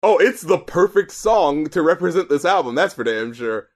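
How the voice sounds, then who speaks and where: A man co-hosting a podcast, chatting casually and swearing through animated, incredulous rants about an album. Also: on the high side, normal speed. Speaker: podcast co-host reviewing albums. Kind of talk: casual chat.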